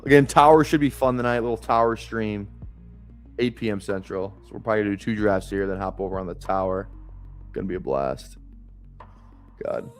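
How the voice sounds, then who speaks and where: A man's voice: fairly low pitch, brisk, long pauses. Rambling, chuckling male streamer over faint music. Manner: rambling, swears freely, chuckles often. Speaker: fantasy football streamer. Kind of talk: casual live-stream chat.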